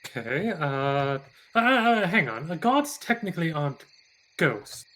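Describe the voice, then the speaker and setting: A man voicing a gentle, devout nature worshipper in a tabletop game, talking thoughtfully and stopping often to search for words. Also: on the high side, big pitch swings, unhurried, heavily acted, poor audio. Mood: musing. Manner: thoughtful, hesitant with many uhs. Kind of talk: in-character tabletop role-play.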